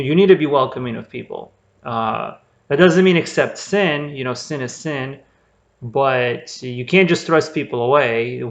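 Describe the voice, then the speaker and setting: A male preacher teaches a Bible passage in a loose, rambling, conversational way, full of fillers and restarts. His mid-range voice is creaky and a bit bright, and the recording is dull and lo-fi.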